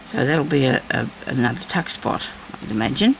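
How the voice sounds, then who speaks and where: Gravelly chatty woman crafting aloud. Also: a bass voice, animated, moderate pace, slight background noise, low-quality recording. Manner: chatty, thinks aloud and talks to herself. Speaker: crafting vlogger. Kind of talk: casual crafting commentary.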